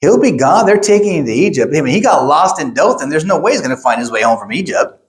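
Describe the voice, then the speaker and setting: A middle-aged male pastor preaching a sermon, telling stories in an animated way and acting out quotes. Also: a little high, quick pace. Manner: animated storytelling, acts out quotes. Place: church.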